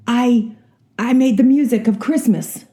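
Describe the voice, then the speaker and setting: A woman voicing a nervous, desperate male bank robber who pleads loudly in a told joke. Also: fairly high pitch, unhurried, pitched above the performer's own voice, close to an everyday voice. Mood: pleading. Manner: loud, pleading, excited.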